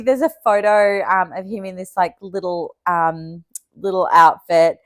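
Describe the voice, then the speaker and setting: A woman's voice: medium pitch, steady tone, normal speed, no room sound, clean studio sound. A young woman chatting casually to camera as a vlogger, with lots of fillers and easy laughter. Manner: chatty, many fillers and likes, laughs often.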